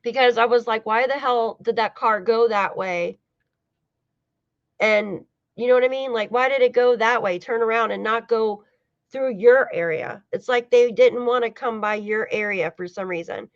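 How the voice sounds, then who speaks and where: A woman's voice: fairly high pitch, normal speed, dry recording. Chatty woman streamer, dull dry sound. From United States. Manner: chatty, swears, laughs often, talks to chat. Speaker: true-crime livestream host. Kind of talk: casual livestream chat.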